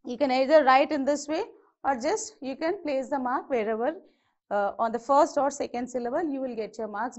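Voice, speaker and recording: Female teacher, high voice, patient step-by-step exam coaching, muffled lo-fi audio. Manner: patient, repetitive step-by-step explaining with "okay" and "so". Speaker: English teacher. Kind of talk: exam-prep grammar lesson.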